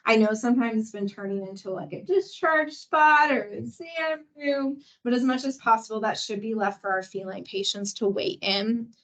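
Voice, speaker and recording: A young woman with a slightly high voice leads a workplace training session. She talks casually and chattily, with an encouraging tone and plenty of fillers. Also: normal speed, few pauses, a bit bright, poor audio. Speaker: veterinary staff trainer.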